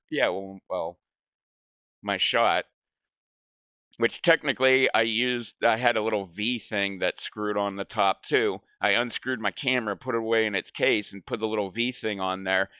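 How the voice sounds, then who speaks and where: A man's voice: medium pitch, normal speed, sharp tone, smooth, dry recording. A man hosting a gaming channel, telling a story in casual chat. He rambles, swears a lot and keeps saying "like". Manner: rambling, profane, fills speech with "like".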